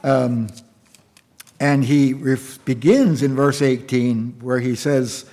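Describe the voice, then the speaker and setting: A man preaching an evening sermon and reading scripture aloud, in a halting way with fillers and repeated words. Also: mid-range voice, mellow.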